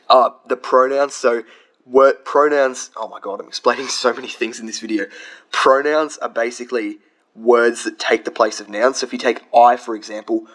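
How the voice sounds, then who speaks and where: A man's voice: medium pitch, fairly bright tone, low-quality recording. A young man casually explaining grammar from his study notes, chatty and rambling, with frequent restarts.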